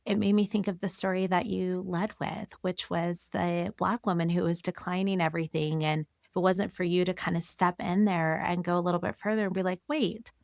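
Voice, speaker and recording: A woman's voice: lowish voice, little pitch movement, brisk, gravelly, hardly any pauses, dry recording, clean studio sound. A woman physician hosting an interview, reflecting on what her guest says and building long questions. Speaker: physician host. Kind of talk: conversational interview.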